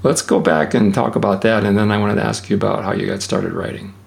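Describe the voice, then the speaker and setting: A man's voice: fairly low pitch, fairly even intonation, fast, vocal fry. A middle-aged man hosting an interview, asking questions and paying easy compliments. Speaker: interview host. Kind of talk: casual interview chat.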